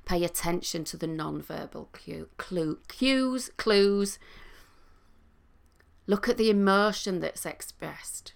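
A middle-aged woman, a coach and trained therapist, explaining listening skills in a calm, teaching manner. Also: fairly low pitch, slow pace, gravelly. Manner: calm, explanatory, with sing-song demonstrations. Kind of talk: talking to camera, teaching.

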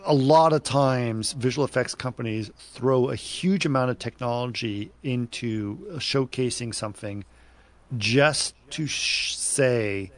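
A man's voice: medium pitch, unhurried. A man co-hosting a casual podcast chat, telling stories in a rambling, self-correcting way. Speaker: podcast co-host.

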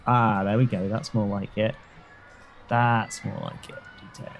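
A man's voice: on the low side, level tone, unhurried, a little hiss or hum. Jokey British man playing a tabletop game. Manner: jokey, self-deprecating, laughing. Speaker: player.

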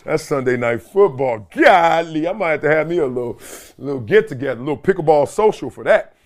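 A middle-aged man hosting his own show, chatting casually and reading viewer comments, cocky and quick to laugh. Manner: animated, cocky, laughing often, swings from loud to low. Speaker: show host.

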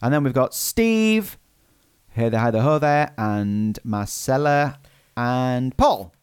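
A man's voice: mid-range voice, expressive, slow pace, clean tone, dry recording, studio quality. A man hosting a live podcast in casual chat, laughing often and restarting his sentences. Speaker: podcast host.

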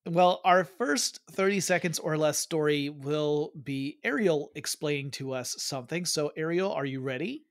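A man co-hosting a geeky podcast in casual, jokey chat with quick asides. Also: a little high, dry recording, clean studio sound. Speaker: podcast co-host.

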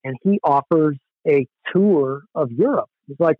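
A man's voice: fairly high pitch, lively intonation, a little slow, no room sound, narrow, tinny audio. A man, a former hardcore band musician, telling rambling, self-deprecating stories in a casual interview, with many "you know"s.

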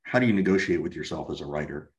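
A man's voice: very deep voice, expressive, fast talker, muffled recording. A man co-hosting a casual podcast, who asks questions and drops joking, wry asides. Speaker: podcast co-host.

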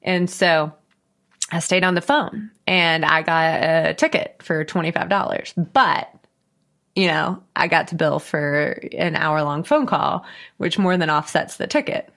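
A woman's voice: low-pitched, a little slow, a bit bright. A woman co-hosting a casual podcast with her brother, chatty and laughing often. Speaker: podcast co-host. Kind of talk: casual chat.

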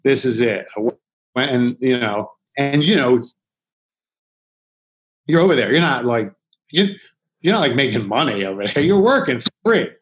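A man's voice: mid-range voice, sing-song, moderate pace, pauses often, rough recording. Rambling man. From Philadelphia, United States. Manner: rambling, many restarts, swears freely, acts out quotes. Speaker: chef and interview guest. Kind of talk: casual storytelling in a podcast interview.

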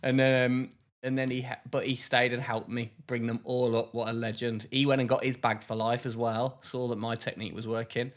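A man, co-hosting a podcast and telling a story in casual chat, with lively bursts of exasperation. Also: mid-range voice, a little fast, hardly any pauses. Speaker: podcast co-host.

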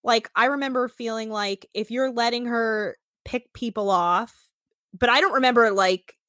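A woman's voice: fairly high pitch, moderate pace, no echo, clean studio sound. A woman co-hosting a podcast, chatting casually and sarcastically about reality TV, swearing freely. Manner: animated, sarcastic, swears freely, acts out quotes. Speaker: podcast co-host. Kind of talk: casual chat recapping reality TV.

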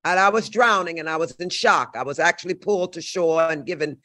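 An older woman telling stories in a loud, animated and very profane casual chat. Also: on the low side, brisk, no room sound.

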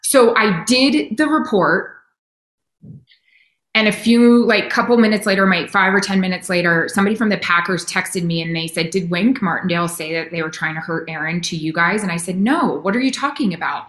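A middle-aged woman who works as a sideline reporter, telling animated, self-deprecating stories in a casual interview, talking in quick bursts with restarts. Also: on the low side. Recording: roomy echo.

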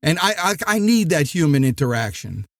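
A middle-aged man from New Jersey hosting a sales podcast, talking in an animated, rambling way with frequent restarts. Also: a little high, brisk, no echo, studio quality. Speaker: podcast host. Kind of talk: energetic sales podcast monologue.

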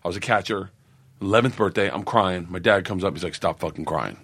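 A man's voice: low-pitched, quick pace, no echo. A middle-aged man from the American South, telling stories in casual chat and acting out the people he quotes. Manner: animated storyteller, acts out quotes.

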